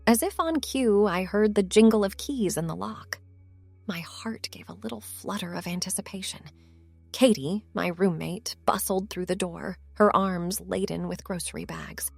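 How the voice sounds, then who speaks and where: A woman telling a first-person story in a soft, intimate narrating manner. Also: mid-range voice, moderate pace, vocal fry, no room sound, soft background music.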